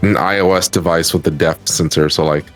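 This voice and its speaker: A man's voice: sits low, steady tone, fairly quick, soft background music. A man on a casual stream chat, explaining things in a matter-of-fact way with casual swearing. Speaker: guest on a stream.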